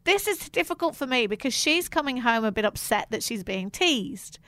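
A woman's voice: on the high side, moderate pace, dry recording. A woman co-hosting a radio show, chatting and telling stories with lots of laughter. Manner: chatty, laughing, animated storytelling. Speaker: radio co-host. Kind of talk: casual radio chat.

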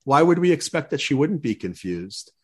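A man's voice: on the high side, very animated, moderate pace, breathy edge. An older man, a guest on a talk show, telling stories earnestly and often restarting his words. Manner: earnest storyteller, repeats words when starting sentences. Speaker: guest speaker. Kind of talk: casual interview chat.

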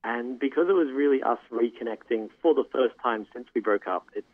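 A man's voice: medium pitch, a little fast. An Australian man calling in to a podcast, speaking in an articulate, matter-of-fact way. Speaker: caller, podcast host. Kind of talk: casual call-in chat. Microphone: phone call. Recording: tinny phone line.

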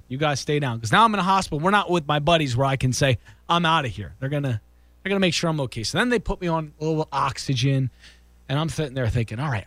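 A man's voice: on the high side, a bit bright, no echo. A man casually telling a story, acting out quotes and restarting sentences.

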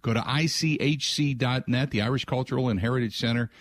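A man's voice: medium pitch, brisk, dry recording. Chatty, rambling sports radio host man. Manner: rambling, chatty, lots of filler and restarts. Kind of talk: casual radio talk with call-in prompts. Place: radio studio.

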